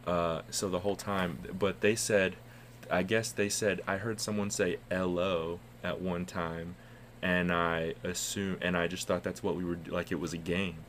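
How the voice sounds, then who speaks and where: Low-voiced man telling a rambling story. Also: steady tone, moderate pace, a bit bright, slight background noise. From United States. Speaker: podcast co-host. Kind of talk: casual podcast chat.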